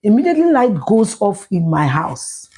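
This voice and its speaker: A woman's voice: mid-range voice, very animated, normal speed, dark tone, slightly rough. A middle-aged woman with a Ghanaian accent, ranting bluntly and profanely on a live stream, switching between Twi and English. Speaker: social media commentator.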